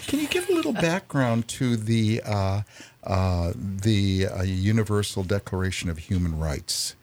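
A male radio host with a lowish voice welcomes his guests with chuckles, then moves into reading a press release in an even, steady way. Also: measured pace.

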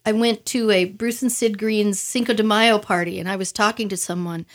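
A woman's voice: mid-range voice, moderate pace. A middle-aged woman chatting as a guest, telling stories and acting out quoted voices. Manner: animated storyteller, acts out quoted voices. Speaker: guest, stage performer. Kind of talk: casual radio chat.

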